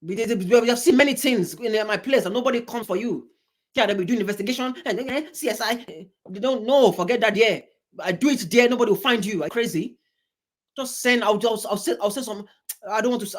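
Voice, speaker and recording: Animated man giving heated reaction commentary. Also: fairly quick, husky. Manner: animated, emphatic, with big swings in pitch; repeats and restarts words heatedly. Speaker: reaction video host.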